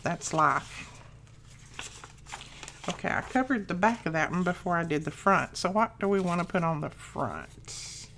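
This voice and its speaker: A woman's voice: on the low side, very animated, a little slow, pauses often, a bit bright, a little hiss or hum. A middle-aged woman hosting a crafting channel, chatting casually and rambling homey stories as she works.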